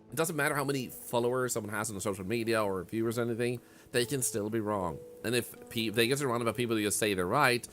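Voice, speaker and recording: A man's voice: medium pitch, bright, forceful tone. A man streaming a game, chatting casually and reflectively with viewers, with many "like" fillers. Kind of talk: casual live-stream chat. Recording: game music under the voice. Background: game music.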